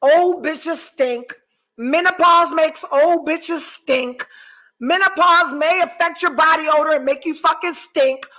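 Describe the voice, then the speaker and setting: A woman's voice: high voice, a little slow, sharp tone, low-quality recording. A woman in her forties hosting a podcast, chatting candidly and with lots of profanity, swinging theatrically between mock despair and laughter as she reads out viewer comments. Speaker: podcast host.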